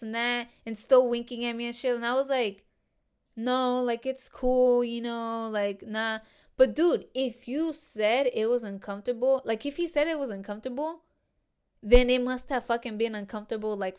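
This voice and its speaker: A woman's voice: a little high, clear, resonant tone. A woman hosting her own podcast, telling a personal story in casual slang and swearing freely as she talks to her listeners. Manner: heavy swearing and slang, addresses listeners as dude and girls. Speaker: podcast host.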